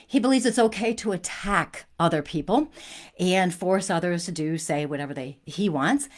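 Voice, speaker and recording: Woman, spiritual talk host, earnest storytelling, conversational, restarts often, slightly low voice. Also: moderate pace. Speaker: spiritual teacher hosting a talk. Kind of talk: personal storytelling and reflection.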